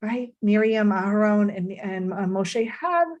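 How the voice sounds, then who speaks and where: Woman teaching a torah mindfulness class, thoughtful, keeps asking right?, mid pitch. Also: expressive, slow pace, dull audio. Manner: reflective, checks in with "right?".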